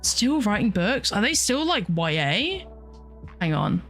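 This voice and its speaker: A young woman hosts a casual solo chat at a mid-range pitch. She talks in a loose, rambling way, with frequent exclamations and laughter. Faint music plays underneath. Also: very animated, a little slow, a bit bright. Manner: rambling and chatty, exclaims often, laughs a lot. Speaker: podcast host and streamer.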